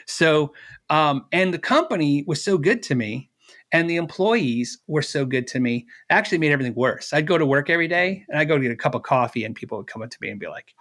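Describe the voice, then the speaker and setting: Middle-aged male guest, fairly high voice, animated storyteller who acts out the lines of other people. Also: fast. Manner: animated storyteller, acts out dialogue, laughs often. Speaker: interview guest. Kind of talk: storytelling in casual interview.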